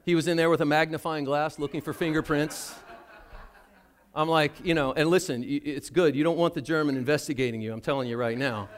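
A man's voice: on the high side, fairly even intonation, fairly quick. An older man preaching a sermon as a pastor, telling a story about himself in a chatty, self-deprecating way.

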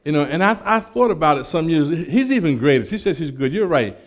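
A man preaching a sermon and telling a personal testimony, animated and acting out the dialogue, with frequent stammered restarts. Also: a little high, a little fast.

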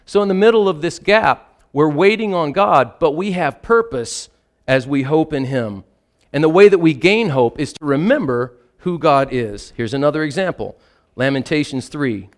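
Guy preaching a sermon, kinda high voice, reads the verses slow with long pauses then explains em. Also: animated.

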